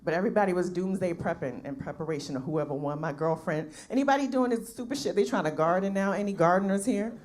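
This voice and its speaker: A woman's voice: lowish voice, fast talker, few pauses, a little mellow. A woman comedian from New performs a stand-up set in a brash, profane, conversational way, often tossing in tag questions. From New York.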